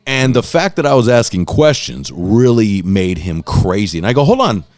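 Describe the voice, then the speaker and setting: This is a man in a loose podcast conversation who gets wrapped up in his own stories. His voice leaps around in pitch as he acts out the lines of the people in them. He swears freely and calls his listener bro. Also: normal speed, dry recording. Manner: animated storyteller, acts out quotes in a raised voice. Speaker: podcast host. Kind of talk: casual chat.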